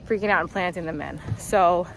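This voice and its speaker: A woman's voice: fairly low pitch, fairly quick, a little hiss or hum, poor audio. Chatty woman out of breath outdoors. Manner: chatty, upbeat, talking while walking the rows. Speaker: flower farmer. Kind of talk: casual walk-through vlog. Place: outdoors on a flower farm.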